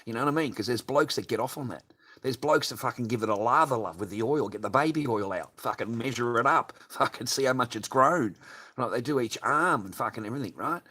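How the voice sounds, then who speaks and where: A man's voice: mid-range voice, brisk, pushed and bright. An older man hosting a late-night livestream, ranting crudely and swearing constantly. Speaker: livestream host.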